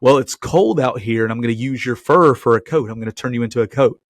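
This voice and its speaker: Blunt, matter-of-fact hunter in a joke story, voiced by a man; mid-pitched, dry sound. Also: fast, no echo, close to an everyday voice. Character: plain-spoken male bear hunter.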